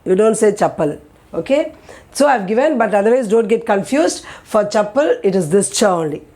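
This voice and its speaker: A woman's voice: mid-range voice, expressive, brisk, dark tone. A woman teaching a language lesson, patiently repeating words and checking in with "okay?". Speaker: Hindi teacher. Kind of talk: slow explanatory lesson.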